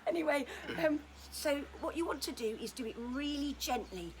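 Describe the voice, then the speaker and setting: A woman's voice: sits high, lively intonation, normal speed, slight background noise. Chatty woman teaching massage. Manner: gentle, friendly, joking asides. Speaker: children's touch therapist demonstrating massage. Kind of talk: chatty demonstration lesson. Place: indoors at home during lockdown.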